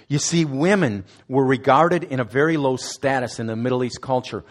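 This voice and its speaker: A man's voice: medium pitch, lively intonation, moderate pace. A man giving a conversational sermon as a student ministries director, asking his listeners direct questions and now and then restarting words. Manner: conversational preaching, asks the audience direct questions, some restarts.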